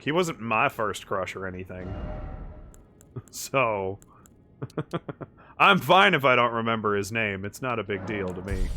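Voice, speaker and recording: A man streaming a co-op game, commentating live and chatting with viewers, who gets excitable and profane and yells at the boss. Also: medium pitch. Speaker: streamer playing co-op. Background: game music.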